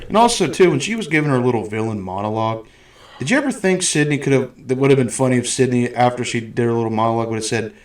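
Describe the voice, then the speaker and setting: Medium in pitch and talking fast, this man hosts a podcast where he discusses a movie casually. His storytelling is animated, blunt and full of profanity.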